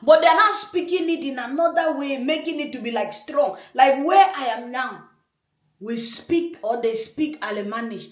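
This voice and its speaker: A woman's voice: sits high, a little slow. A woman hosting a reaction video, speaking her mind in an emphatic, rambling, indignant way. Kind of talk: casual commentary. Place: room in Germany. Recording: echoey room.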